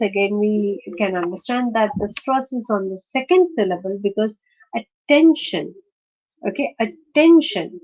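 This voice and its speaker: A woman lecturing on word stress, hesitating often and slowly sounding out example words. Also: on the high side, darkish tone, dull audio. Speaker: teacher.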